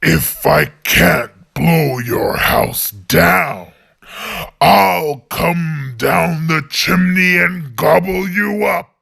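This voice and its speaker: A woman voicing a menacing male wolf in a children's storybook read-aloud, with loud growled threats. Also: on the low side, drawn-out words, creaky, husky, heavily acted.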